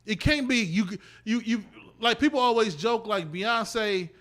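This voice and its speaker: A man hosting a casual podcast, talking in an animated way and trailing off mid-thought. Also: sits high, a little slow. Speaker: podcast host.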